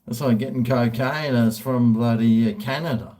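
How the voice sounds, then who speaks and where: A man's voice: medium pitch, steady tone, normal speed, mellow, a little hiss or hum. A middle-aged Australian man chatting casually, rambling and joking crudely. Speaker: vlogger answering viewer questions. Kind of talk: casual chat.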